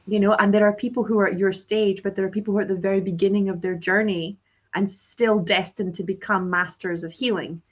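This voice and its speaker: A woman's voice: mid-range voice, level tone, brisk, muffled recording. A woman hosting an interview, talking earnestly and chattily with many fillers over a video call. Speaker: host, course teacher. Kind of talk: conversational interview.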